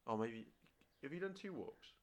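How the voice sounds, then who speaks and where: A man's voice: mid-range voice, lively intonation, normal speed, dry recording. A man co-hosting a podcast, joining late and teasing his co-host in casual banter.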